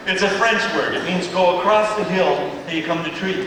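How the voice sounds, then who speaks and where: A middle-aged man with a notably high voice addresses young people with earnest appeals and self-mocking humor. He is recorded from a distance in a large, reverberant hall. Steady background noise sits under his words. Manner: self-deprecating storytelling with slow, weighty pauses. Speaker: youth event speaker. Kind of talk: humorous evangelistic talk. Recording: echoey hall from far off, noisy.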